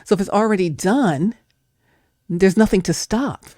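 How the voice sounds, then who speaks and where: A woman's voice: medium pitch, expressive, a little slow, mellow, no echo, clean studio sound. A woman giving an emphatic, preacher-like faith talk, acting out doubting voices. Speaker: guest speaker.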